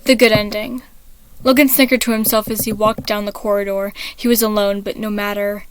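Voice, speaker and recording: A woman reading an online fan story aloud, steady and measured. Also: medium pitch, clear, resonant tone. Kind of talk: story read-aloud narration.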